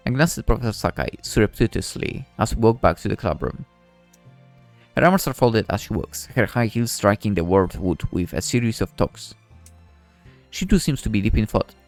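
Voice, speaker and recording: A man's voice: medium pitch, creaky. A man reading a visual novel aloud as the male lead, narrating wryly with joking asides. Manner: wry, lively narration with asides. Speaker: game let's-play narrator.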